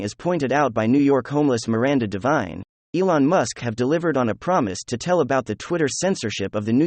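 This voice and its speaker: A man's voice: medium pitch, darkish tone, no echo. A man commenting on political news who reads quotes aloud and talks straight to his viewers.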